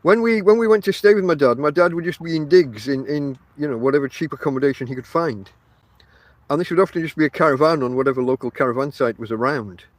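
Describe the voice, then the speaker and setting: Speaking fast in a fairly high voice with no room sound, a Northern English podcast host from Barnsley delivers a rambling monologue from a tent. He chats straight to his listeners, using many fillers.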